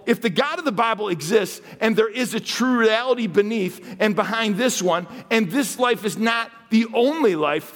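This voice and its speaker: A man preaching a sermon as guest preacher, swinging between excited exclamations and hushed asides. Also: very high voice. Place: church sanctuary. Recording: long hall reverb.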